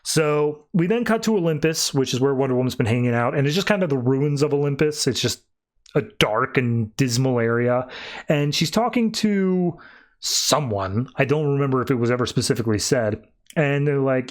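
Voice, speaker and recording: A man on a podcast recapping a comic, talking casually and acting out the characters in quick, animated quoted voices. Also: medium pitch.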